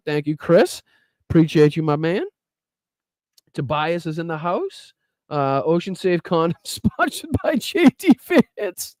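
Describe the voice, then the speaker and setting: A man with a Boston accent hosts a live stream, reading out viewer names and thanking them in a loose, profane, chatty way. His voice is mellow and warm, in a dry room with little echo. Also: mid-range voice, smooth. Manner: casual, profane, grateful, many fillers. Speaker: podcast host. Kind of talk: live stream chat shout-outs.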